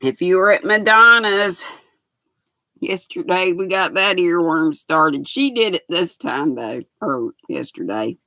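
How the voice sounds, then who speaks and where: Older woman with a gravelly voice, unhurried pace as she hosts a casual livestream and reads the chat aloud. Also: lowish voice, expressive, pushed and bright, dry recording. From United States. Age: 60s. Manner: greets viewers by name, reads chat aloud. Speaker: livestream host.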